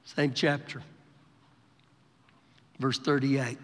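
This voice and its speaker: A man's voice: medium pitch, little pitch movement, very slow, fairly bright tone, big-room sound. A man preaching a live sermon in a church service, acting out scripture quotes in different voices. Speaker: pastor. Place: church sanctuary during a service.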